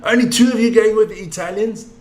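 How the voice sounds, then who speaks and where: Older male, high-pitched, chatty and excitable, calling live rugby; echoey room. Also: a little fast. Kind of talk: casual live commentary.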